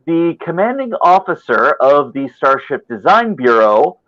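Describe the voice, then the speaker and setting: A man hosting a podcast, talking conversationally with filler pauses. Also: on the high side, big pitch swings, a bit bright, dull audio. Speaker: podcast host.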